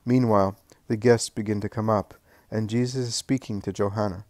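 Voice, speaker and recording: A man reading a religious story aloud as narrator, in an even, solemn way. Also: on the low side, fairly quick, no echo. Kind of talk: scripted narration.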